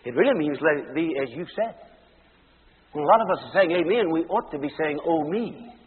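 Emphatic preacher on old tinny hall tape. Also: male voice, a little high, expressive, brisk, breathy edge. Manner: dramatic, rising to loud emphatic peaks and dropping to hushed tones. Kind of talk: sermon.

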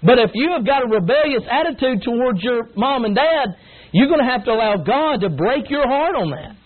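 Preacher guy, middle-aged, really high voice, folksy and emphatic, sounds like it's coming through a phone. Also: lively intonation, a little fast. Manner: folksy, emphatic, acts out whining kids with grunts. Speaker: pastor preaching to youth. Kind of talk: sermon. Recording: tinny phone-like line, faint noise.

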